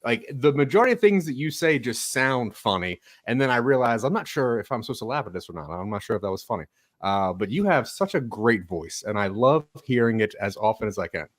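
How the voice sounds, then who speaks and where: A man's voice: mid-range voice, very animated, fairly quick, dry recording, studio quality. A man co-hosting a casual live-stream chat, joking and rambling. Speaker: co-host.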